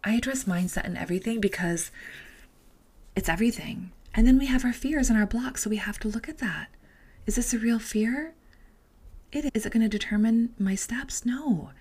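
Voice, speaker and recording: A woman's voice: fairly high pitch, moderate pace, a little mellow, slightly rough. A middle-aged woman hosting a solo podcast, giving blunt, emphatic motivational talk with casual swearing and a lot of repetition. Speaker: podcast host and life coach.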